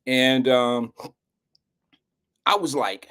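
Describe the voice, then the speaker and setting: A man's voice: a little high, expressive, moderate pace, a bit bright. A middle-aged man hosting a live show, telling a rambling, slangy and emotional story in casual talk.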